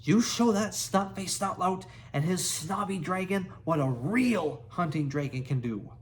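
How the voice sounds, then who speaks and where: A man's voice: a little high, lively intonation, a little slow, slight background noise, voice pushed up. A man voicing an anxious young Viking boy who pleads with his dragon. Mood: urgent. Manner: pleading, urgent.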